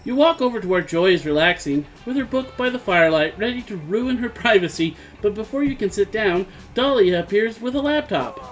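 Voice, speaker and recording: A man's voice: high-pitched, animated, fairly quick, few pauses, low-quality recording. A man reading visual novel narration aloud during a casual let's play stream. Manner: casual reading with slips and chuckles. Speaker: game player reading narration.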